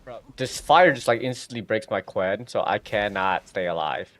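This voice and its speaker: A man streaming gameplay, reacting out loud with quick exclamations as he plays. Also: fairly low pitch, a little hiss or hum. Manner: excitable, exclaiming at the game. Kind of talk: live gameplay commentary.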